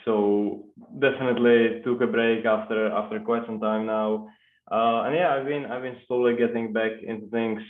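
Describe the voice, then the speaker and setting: Russian-accented man, low and halting. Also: steady tone, phone-quality sound. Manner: halting, many restarts and fillers. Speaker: guest trader. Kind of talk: casual chat. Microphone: headset or headphone mic on a call.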